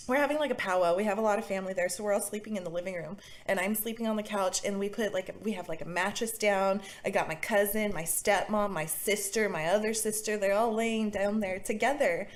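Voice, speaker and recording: A young woman co-hosting a podcast, telling a story in an animated way, laughing and acting out the voices of the people in it. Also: mid-range voice, a little fast, hardly any pauses. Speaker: podcast co-host. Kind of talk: casual storytelling chat.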